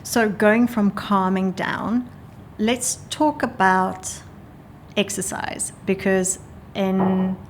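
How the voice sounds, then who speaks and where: A woman from South Africa hosting a podcast as a vet, asking measured questions and nodding along with short acknowledgements. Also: mid-range voice, little pitch movement, a little hiss or hum. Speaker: veterinarian podcast host. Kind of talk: interview questions.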